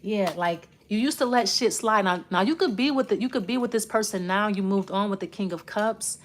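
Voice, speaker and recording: A woman in an unscripted tarot reading who swears freely and speaks bluntly, straight to the listener. Her sentences ramble and restart as she pulls cards. Her voice sits at an ordinary middle pitch. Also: brisk, slight background noise. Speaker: tarot reader. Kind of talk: casual spoken tarot reading.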